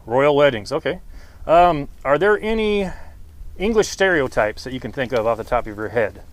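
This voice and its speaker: A man's voice: mid-range voice, lively intonation, normal speed. A man doing casual street interviews outdoors, chatty, swearing casually and laughing often.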